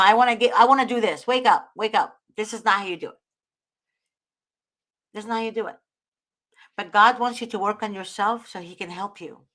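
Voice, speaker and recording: A woman's voice: medium pitch, a bit bright. Earnest woman host giving advice. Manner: earnest, preachy, often invoking God. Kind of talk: casual advice talk.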